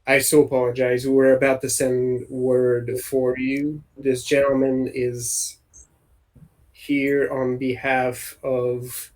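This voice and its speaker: Guy voicing a nervous shopkeeper npc for a tabletop game, formal and sorry about everything, talks slow. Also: medium pitch, a little mellow, natural voice, low-quality recording. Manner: formal, earnest apologies. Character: flustered, apologetic male shopkeeper, eager to please.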